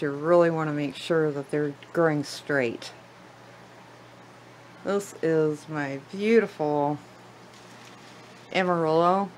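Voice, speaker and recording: A woman's voice: deep voice, darkish tone, slight background noise, poor audio. A woman giving a casual tour of her houseplants in her living room, chatty and gushing, often trailing off mid-sentence. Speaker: plant vlogger.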